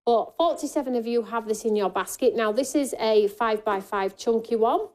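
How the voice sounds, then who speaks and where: A woman's voice: fairly high pitch, normal speed, a little mellow. Chatty woman hosting a shopping show. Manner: chatty, jokey, reads out viewer comments. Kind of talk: live craft shopping presentation.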